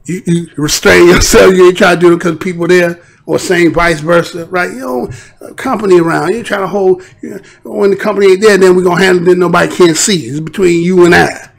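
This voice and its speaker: A man's voice: sits high, steady tone, fairly quick, vocal fry. A man hosting a live stream, talking to his chat in emphatic, profane street talk. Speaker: livestream host.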